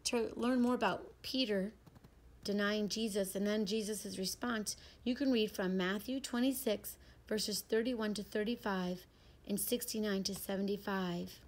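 A woman hosting a children's reading show, reading a storybook aloud in an animated read-aloud manner. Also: medium pitch, unhurried, poor audio.

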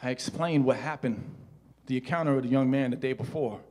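A middle-aged male pastor preaching a sermon in a church, telling a personal story that swings from hushed retelling to shouted preaching. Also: mid-range voice, a little fast.

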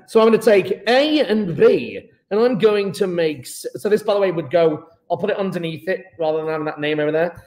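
A man's voice: fairly high pitch, normal speed, a little mellow, echoey room, rough recording. A man teaching a chemistry class online, chatty and teasing with his students.

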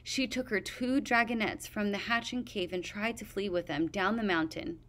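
A woman's voice: medium pitch, a bit bright, close to an everyday voice. Woman playing a stubborn male dragon guard. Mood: insistent. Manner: stubborn, measured testimony.

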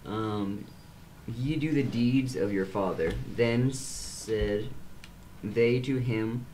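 Man reading scripture slowly and hesitantly. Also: mid-range voice, dark tone, a little hiss or hum, poor audio.

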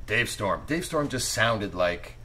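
Middle-aged man, low-pitched voice, animated storyteller, faint hiss behind him. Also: slow pace, rough recording. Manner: animated storyteller who acts out little scenes. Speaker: author interviewed about his books. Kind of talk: casual interview talk. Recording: faint ambient noise.

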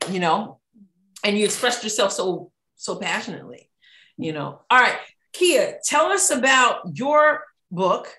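A woman hosts an interview show and gently draws her guests out. Her talk is encouraging and conversational. The room sounds echoey. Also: medium pitch. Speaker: show host. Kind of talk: interview hosting.

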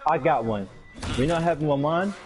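A man's voice: on the high side, a little fast. A young man chatting with friends during a game, telling a joking, slangy story. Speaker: gaming friend. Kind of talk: casual chat over gameplay.

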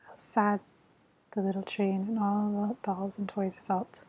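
A woman reading a children's bedtime story in a soft, soothing whispered role-play. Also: mid-range voice, flat delivery, unhurried, slightly rough, poor audio.

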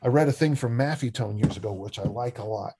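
An older man with a husky, slightly breathy voice at an average pitch, talking as a coach on a podcast. He tells stories in an animated, joking way. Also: fast talker. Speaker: strength coach and discus coach. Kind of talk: podcast interview.

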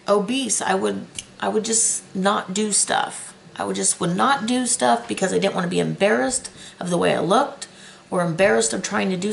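A woman's voice: mid-range voice, gravelly, a little hiss or hum. A middle-aged woman telling her own story in a chatty vlog, candid and emotional. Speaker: weight loss vlogger.

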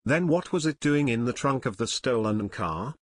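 A man's voice: mid-range voice, animated, normal speed, no room sound, clean studio sound, close to an everyday voice. A man voicing a suspicious police officer who demands answers. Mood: demanding.

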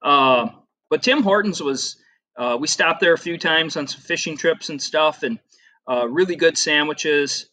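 Middle-aged male teacher, casual rambling lecture, bright tone, pitched a bit high. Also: unhurried. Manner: chatty, rambling, with frequent fillers and asides. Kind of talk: casual classroom lecture over slides.

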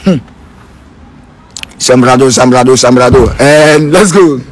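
A man's voice: medium pitch, unhurried. Teasing Nigerian vlogger, a man. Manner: teasing, joking, mixes in Pidgin. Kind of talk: casual vlog chat.

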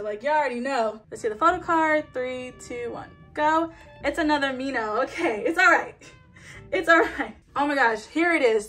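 A young woman chatting excitedly as she unboxes albums, counting down and squealing at each reveal. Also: high voice. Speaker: K-pop album unboxing vlogger. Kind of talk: excited casual unboxing chat.

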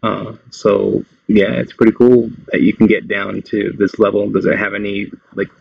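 A man's voice: lowish voice, flat delivery, moderate pace, vocal fry, slightly rough, no room sound. A man hosting a casual tech tutorial, explaining things in a loose, meandering way. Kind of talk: casual screen-recorded tutorial. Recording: dull lo-fi dry sound.

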